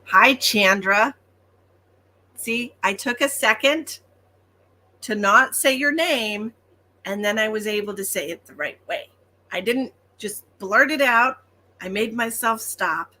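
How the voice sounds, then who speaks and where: A woman's voice: on the high side, expressive, slow pace, sharp tone. A woman working as a psychic medium, giving chatty, reassuring readings on a livestream with frequent ums.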